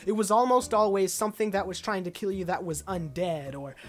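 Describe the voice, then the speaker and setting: A woman giving casual, excited commentary on a video game trailer, rambling with lots of uh and like fillers. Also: mid-range voice, fairly quick.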